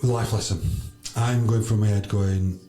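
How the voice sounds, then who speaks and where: A man, a podcast guest telling stories loudly and bluntly, swearing freely. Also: lowish voice, steady tone, a little slow, faint music behind. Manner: loud, blunt, emphatic. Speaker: podcast guest, charity founder. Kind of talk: animated storytelling with swearing. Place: sauna. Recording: roomy echo.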